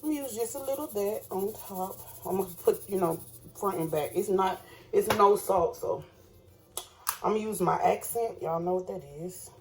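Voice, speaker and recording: A woman's voice: medium pitch, moderate pace, a little mellow, a little hiss or hum. A woman chatting casually to viewers while cooking in her home kitchen. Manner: chatty, addresses viewers as y'all. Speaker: cooking vlogger.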